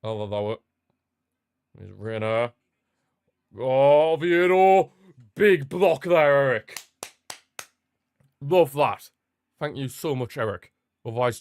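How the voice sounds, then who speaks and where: A young man hosting a live football watchalong, chatting casually and repeating himself, with sudden bursts of excitement. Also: on the low side, no echo. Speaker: watchalong host. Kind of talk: casual live match commentary.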